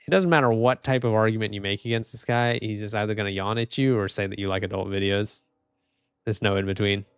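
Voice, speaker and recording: A man's voice: fairly low pitch, steady tone, fast, smooth, no echo, clean studio sound, soft background music. A young man streaming live, making casual commentary as he reads posts and keeps laughing and saying "dude". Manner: laughing, mocking, says dude a lot.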